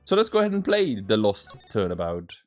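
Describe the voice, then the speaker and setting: A man's voice: fairly low pitch, wildly swooping pitch, brisk, faint music behind. A man hosting a casual let's-play, rambling with lots of filler words. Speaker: gaming channel host.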